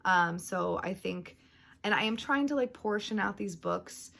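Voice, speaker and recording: A woman's voice: medium pitch, animated, measured pace, vocal fry, a bit bright. A woman chatting casually about her reading plans, rambling with lots of "like" and "um". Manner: rambling, full of "like" and "um". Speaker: book vlogger.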